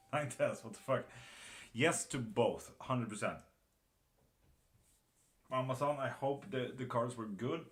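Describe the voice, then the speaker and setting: A man's voice: medium pitch, wildly swooping pitch, slow, long pauses, soft background music. A man reading tarot live, chatting casually and bluntly with viewers, calling them by name and swearing now and then. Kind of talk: casual live-stream chat.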